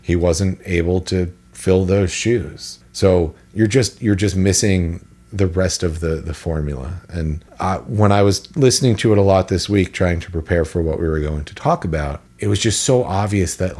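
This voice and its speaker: A man's voice: deep voice, normal speed, hardly any pauses, mellow. A man co-hosting a podcast in casual chat, opinionated and rambling with restarts. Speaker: podcast co-host.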